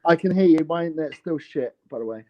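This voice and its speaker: A man's voice: a little high, animated, fast talker, noisy background. A man joining as a guest over a video call, chatting bluntly and jokingly.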